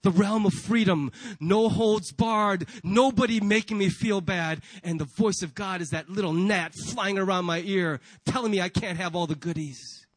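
High-voiced male pastor preaching. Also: moderate pace, hardly any pauses, dry recording, rough recording. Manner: rhetorical questions and acted-out inner voices. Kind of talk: sermon. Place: church.

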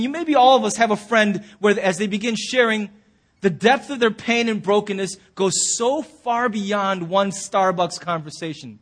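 Male pastor with a very high voice, animated sermon storyteller who acts out the quotes. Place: church sanctuary.

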